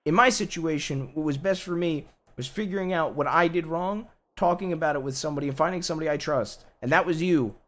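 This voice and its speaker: A man playing a loud, worried husband in an in-game roleplay, talking bluntly and swearing a lot. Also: on the high side.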